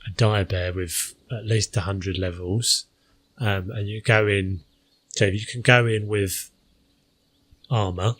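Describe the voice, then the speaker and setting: A man's voice: lowish voice, fairly bright tone, slightly rough. A man hosting a gaming channel, talking through his gameplay in a casual, hesitant way with many fillers.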